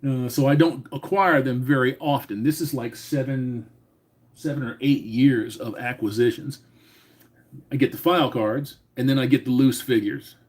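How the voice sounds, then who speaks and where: A man's voice: mid-range voice, steady tone, moderate pace. A man in his forties hosting a casual live stream, talking loosely with lots of swearing and reading out names from the chat. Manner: profane, rambling, reads chat names aloud. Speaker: livestream host.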